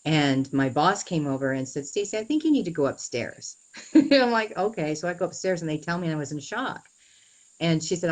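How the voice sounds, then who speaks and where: Woman, young adult, very low voice, earnest, halting, lots of "you know", interview. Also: poor audio. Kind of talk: personal story in an interview.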